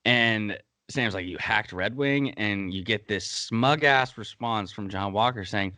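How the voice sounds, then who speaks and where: A man's voice: lowish voice, lively intonation, measured pace, sharp tone, no echo. A man hosting a casual podcast, breaking down a TV episode in a heated, blunt way and swearing freely. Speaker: podcast host.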